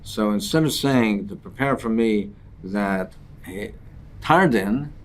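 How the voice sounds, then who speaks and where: Man, lowish voice, Talmud teacher, halting line-by-line translation with restarts. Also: expressive. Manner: translates Aramaic phrases into English line by line. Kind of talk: daily Talmud lesson.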